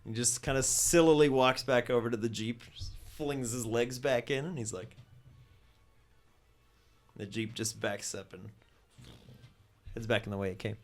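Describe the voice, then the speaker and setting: A man narrating as game master of a tabletop game, playful and quick to laugh. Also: mid-range voice, faint music behind. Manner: playful, laughs often, acts out characters.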